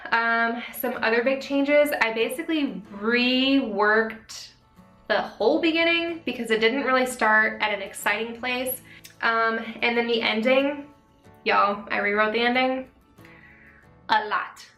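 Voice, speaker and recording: Bright chatty young woman, a bit sick. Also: on the high side. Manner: chatty, quick, lots of "like" and "um". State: sick, a little out of breath. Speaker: author vlogger answering viewer questions. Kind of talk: casual Q&A vlog. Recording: echoey room, faint music.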